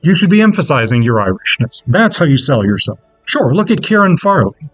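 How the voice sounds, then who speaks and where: A man's voice: on the high side, a little fast, no room sound, soft background music, low-quality recording. A man reading as a pushy, profane uncle. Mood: cajoling. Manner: raised, animated reading without an accent. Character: blunt middle-aged male uncle, pushy and profane.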